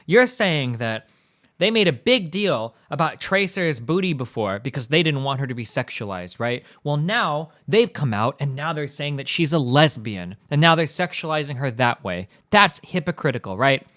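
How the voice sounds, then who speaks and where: A man's voice: fairly high pitch, animated, normal speed, a bit bright, no echo, clean studio sound. A male streamer delivering profane, combative and sarcastic commentary at a desk mic. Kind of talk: ranting commentary.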